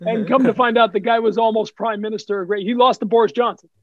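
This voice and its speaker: A man being interviewed as a guest, telling anecdotes in a casual, animated way and acting out the dialogue he quotes. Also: high-pitched, fast, no room sound, dull audio. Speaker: guest, sports TV studio host. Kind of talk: casual podcast storytelling.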